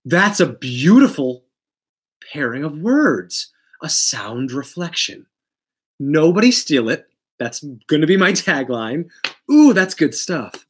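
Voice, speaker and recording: A man's voice: on the high side, big pitch swings, a little slow, husky. Man, tarot reader, casual monologue, emphatic bursts, playful asides. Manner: emphatic and playful, swings between loud bursts and quiet asides.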